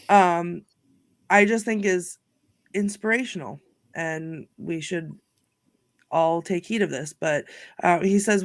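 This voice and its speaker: A woman recaps her favorite film moments with lively, laughing energy. She sounds like a co-host in a relaxed group chat. The sound is dry, with no room around it. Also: on the low side, no room sound. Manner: animated storyteller, laughs often. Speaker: podcast co-host. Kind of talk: casual chat about a film.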